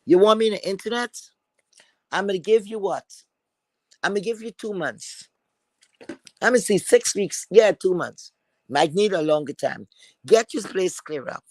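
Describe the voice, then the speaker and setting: High-voiced man ranting angrily. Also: moderate pace, pauses often, a little mellow, no room sound, rough recording. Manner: insulting, repetitive, confrontational. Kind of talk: heated profane rant.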